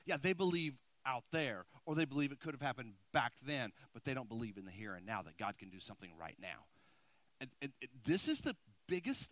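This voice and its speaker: With no echo on the recording, a mid-range male voice preaches a sermon, moving from booming emphasis to hushed intensity. He repeats himself and keeps checking in with the congregation.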